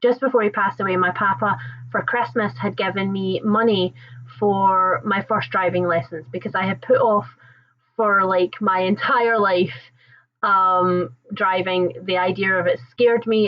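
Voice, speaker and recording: A woman's voice: medium pitch, fairly even intonation, normal speed, highs cut off. A young woman hosting a casual live chat, telling stories in a rambling, chatty way and laughing often. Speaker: livestream host.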